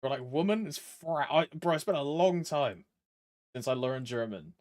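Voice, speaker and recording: A man's voice: a little high, lively intonation, normal speed, darkish tone, no room sound, studio quality. A man streaming a game, chatting casually, joking around, swearing now and then and humming to himself. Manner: joking, loose, swears freely, hums to himself. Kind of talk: casual gameplay chat.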